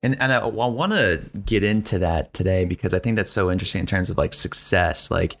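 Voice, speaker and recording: A man hosting an interview, chatting casually and telling stories with lively swings in his voice. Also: a little fast, creaky. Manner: animated storyteller with big pitch swings. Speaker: podcast host.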